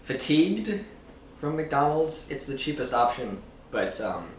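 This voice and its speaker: A man's voice: medium pitch, big pitch swings, unhurried, recorded from a distance, a little hiss or hum. A man vlogging in casual chat, rambling loosely, swearing and laughing often. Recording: roomy echo, a bit off-mic, faint ambience.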